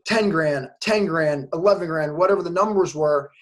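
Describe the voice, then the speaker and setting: Male host, casual interview chat, enthusiastic and openly emotional, fairly high voice. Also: normal speed. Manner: enthusiastic, emotional, lots of fillers like "like". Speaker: host, course creator.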